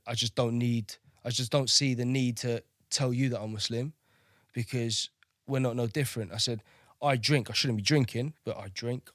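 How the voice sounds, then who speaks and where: Male navy veteran, thirties, mid-pitched, candid and profane, dry close recording. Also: fairly bright tone, dry recording. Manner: blunt, swears freely, keeps asking "do you know what I mean". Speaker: podcast guest, navy veteran.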